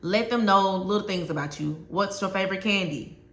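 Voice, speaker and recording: A woman who is a former teacher talks other teachers through classroom advice in a bright, forceful voice. She tells stories from her classroom and drives each point home by repeating it. The sound is roomy, with a clear echo around her. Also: medium pitch, brisk. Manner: emphatic, storytelling, repeats key points. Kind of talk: conversational advice talk to teachers.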